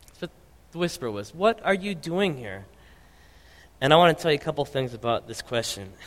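A man preaching a sermon as pastor, dropping to soft low tones and then rising with force. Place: church sanctuary. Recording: reverberant hall.

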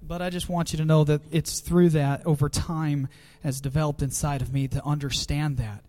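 A man's voice: on the high side, level tone, normal speed, a little mellow. A youth pastor, a man, giving a heartfelt farewell tribute at a church gathering, choked up with emotion and laughing nervously.

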